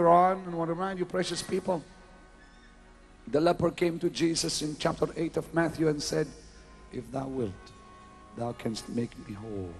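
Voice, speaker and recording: A man preaching a revival sermon at a large crusade, swinging from loud exclamations to hushed whispers in a slow, drawn-out delivery. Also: fairly high pitch, creaky. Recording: 1990s live event recording with faint music.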